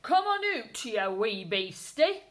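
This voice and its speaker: A woman voicing a grumpy old male gardener in a storybook, gruff and loud. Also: on the high side, very animated, takes it slowly, exaggerated voice. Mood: angry.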